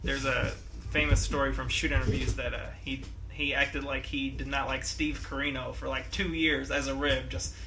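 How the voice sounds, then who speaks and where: A man hosting a casual interview, chiming in briefly and telling his own stories in a flat manner. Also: mid-range voice, normal speed, hardly any pauses, low-quality recording. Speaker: podcast host. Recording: clear background noise.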